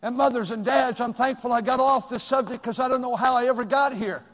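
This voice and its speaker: An older man preaching a sermon as pastor, swinging from hushed asides to sudden shouts. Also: very high voice, a little fast, in a large hall.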